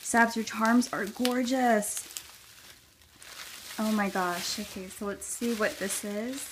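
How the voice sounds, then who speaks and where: A young woman chatting casually as she opens a package of handmade craft gifts, gushing and gasping with delight, her voice going a bit hoarse. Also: fairly high pitch, measured pace, a little hiss or hum. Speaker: craft vlogger. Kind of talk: casual unboxing chat.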